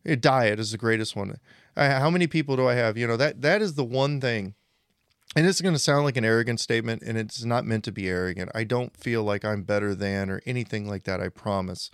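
A man's voice: medium pitch, brisk, clean tone, no room sound, studio quality. A man in his forties co-hosting a podcast, chatting casually and acting out the people he quotes. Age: 40s. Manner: animated storytelling, acts out quoted people. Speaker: podcast co-host.

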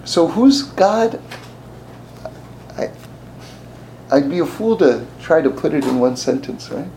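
A man's voice: on the high side, takes it slowly, a little hiss or hum, rough recording. A man giving a sermon, telling stories and acting out the voices in them, with frequent laughs. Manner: animated, acts out voices in the stories, laughs often. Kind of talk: sermon with storytelling.

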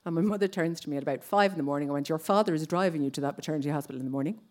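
A woman's voice: sits low, racing, a little mellow. A woman in her thirties with an Irish accent, telling a personal story on stage and acting out other people's lines. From Ireland.

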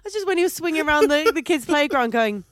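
Gossipy animated woman on a podcast. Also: sits high, fast. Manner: animated and gossipy, swearing and laughing often. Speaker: podcast co-host. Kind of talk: casual chat. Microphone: handheld mic.

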